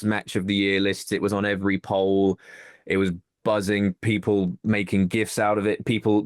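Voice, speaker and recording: A man's voice: on the low side, no room sound, clean studio sound. A man, a wrestling promoter guest, chatting enthusiastically in a casual interview over a video call and rambling with restarts.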